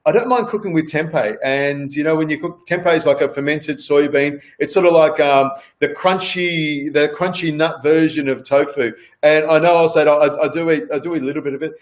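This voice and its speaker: An Australian man with a voice a little higher than most men talks casually as a guest. He rambles, restarts sentences and fills gaps with "um" and "you know". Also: fairly even intonation, a little fast, few pauses. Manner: rambling, repeats words, many fillers. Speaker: celebrity chef guest. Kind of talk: casual chat on a video call.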